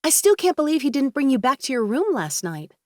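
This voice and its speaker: A woman voicing a caring young female friend who fusses and worries, in a brighter, higher voice than her narration. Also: very animated, a little fast, no echo, clean studio sound. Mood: concerned.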